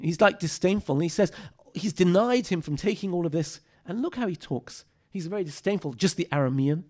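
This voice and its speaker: A man teaching a text study lesson, reading verses aloud and explaining them with rhetorical questions. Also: high voice. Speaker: Bible teacher.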